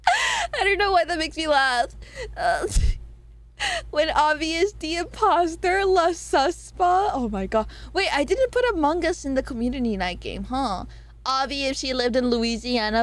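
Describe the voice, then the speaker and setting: A young woman streaming casually, reading viewer messages out loud with giggles, jokey asides and plenty of swearing; her voice is going a bit hoarse. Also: high voice. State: voice getting hoarse.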